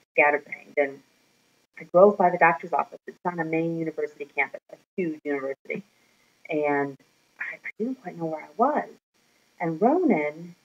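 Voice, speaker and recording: A mother talking to her camera in a casual vlog, telling a candid, rambling story with plenty of fillers. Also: on the low side. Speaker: mother vlogging about her son. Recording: slightly dull lo-fi recording.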